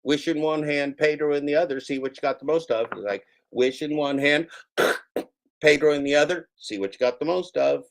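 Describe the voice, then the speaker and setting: A man's voice: a little high, normal speed, creaky. A man hosting a casual reaction stream, commenting on clips with playful, jokey mock warnings to his viewers.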